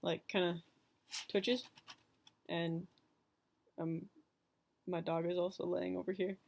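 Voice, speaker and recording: A woman's voice: fairly low pitch, little pitch movement, slow, gravelly, darkish tone. A young woman with a Southern Californian accent, chatting casually from bed into her laptop as she reads an accent-tag word list. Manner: chatty and giggly, filler-heavy. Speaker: vlogger. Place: in bed at home. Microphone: laptop mic.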